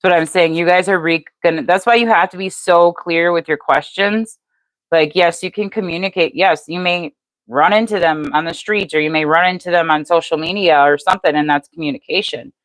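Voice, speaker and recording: A woman's voice: fairly low pitch, a little fast, no echo. An older woman doing a live-stream tarot reading, chatty and matter-of-fact, speaking to viewers by name. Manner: even, matter-of-fact delivery. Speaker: tarot reader.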